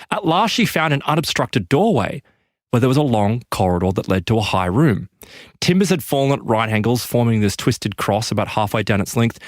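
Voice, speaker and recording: A man hosts a podcast, telling an eerie story with dramatic emphasis and emphatic lifts in pitch. The recording is dry, with clean studio sound.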